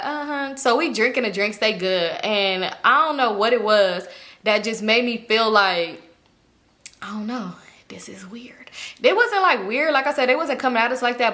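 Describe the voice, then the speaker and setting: A young woman tells a story in relaxed slang, lively and quick to act out the people in it. Her voice sits at a middle pitch and sounds bright and forward. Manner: slangy, animated, acts out quoted people. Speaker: storytime vlogger. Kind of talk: casual storytelling.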